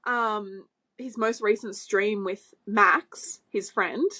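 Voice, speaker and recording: A woman's voice: medium pitch, fairly even intonation, slow pace, sharp tone. A young Australian woman co-hosting a casual podcast, rambling through stories with lots of fillers. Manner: rambling storyteller, lots of likes and ums. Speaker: podcast co-host. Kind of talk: casual chat.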